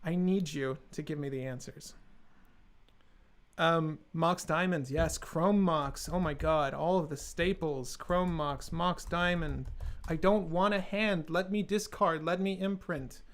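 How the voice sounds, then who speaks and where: A man's voice: fairly high pitch, unhurried, fairly bright tone. A man hosting a live stream, building a card game deck and joking sarcastically with his chat.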